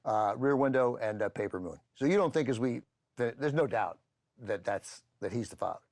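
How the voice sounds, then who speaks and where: A man's voice: medium pitch, lively intonation, brisk, a little mellow. A man hosting a casual film discussion, chatty with many fillers as he retells scenes. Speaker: film channel host.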